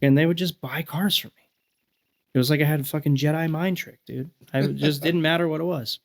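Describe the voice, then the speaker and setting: Gravelly man, about forty, podcast guest; animated, foul-mouthed storyteller. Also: on the high side, brisk. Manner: profane, animated storyteller acting out quotes. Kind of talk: casual storytelling chat.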